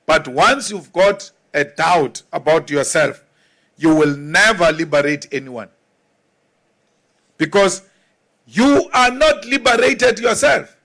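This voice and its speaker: A political leader giving an emphatic, deliberate speech with mocking asides. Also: male voice, a little high, lively intonation, vocal fry, fairly bright tone. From South Africa.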